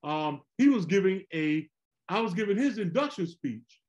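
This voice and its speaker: A middle-aged man, a former pro basketball player, telling animated, rambling stories on a podcast. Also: high-pitched, moderate pace. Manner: animated, rambling, repeats words. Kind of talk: casual storytelling chat.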